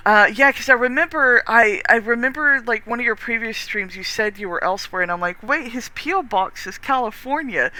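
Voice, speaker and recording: A streamer with a Texan accent, chatting casually with viewers while gaming, rambling warmly with lots of restarts and the odd swear. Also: medium pitch, normal speed, hardly any pauses.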